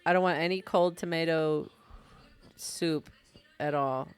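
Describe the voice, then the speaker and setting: A woman co-hosting a casual TV talk podcast, chatty and quick to laugh. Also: low-pitched, steady tone, clean tone. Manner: giggly, chatty, laughs often. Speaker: podcast co-host. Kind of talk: casual chat.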